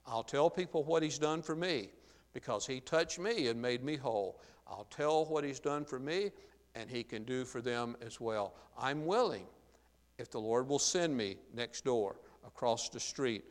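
A man's voice: mid-range voice, clear, resonant tone. A man preaching a sermon in an earnest, emphatic way, his voice rising when he quotes Scripture. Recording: long reverb of a large hall.

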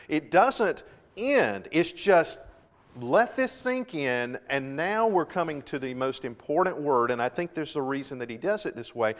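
Middle-aged pastor preaching in a reverberant sanctuary. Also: male voice, mid-range voice. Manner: earnest preaching with swells of emphasis and dramatic pauses. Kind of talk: sermon. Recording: long hall reverb.

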